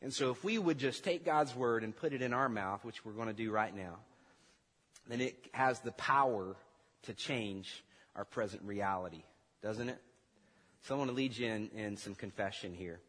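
A man's voice: on the low side, moderate pace, a bit bright, breathy edge. A male pastor preaching a sermon, playful in his storytelling and earnest in his exhortation, in a church hall. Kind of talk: sermon with a comic skit. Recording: long reverb of a large church hall.

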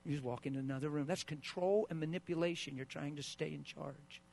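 A man's voice: on the high side, steady tone, fairly quick, gravelly, slight background noise. Impassioned man preaching a sermon. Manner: impassioned, swings from hushed to loud; acts out quoted voices of spouses. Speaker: pastor.

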